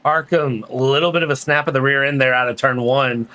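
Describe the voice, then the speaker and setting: A man's voice: medium pitch, steady tone, brisk, pushed and bright. An American man co-commentating sim races, laid-back and joking. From United States. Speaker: race co-commentator.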